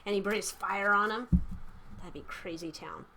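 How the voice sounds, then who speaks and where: A woman's voice: mid-range voice, normal speed, heavy background noise. A woman giving a casual tarot reading, rambling and chatty, irreverent, with casual swearing. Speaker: tarot reader.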